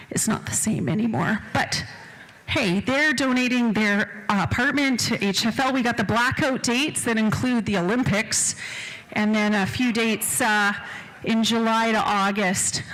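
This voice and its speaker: Lady auctioneer at a fundraiser, bright voice, pitch a bit high, fast bid calling and jokes. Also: poor audio. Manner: rapid bid calling, joking with the crowd. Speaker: charity auctioneer. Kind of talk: live charity auction calling. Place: event hall.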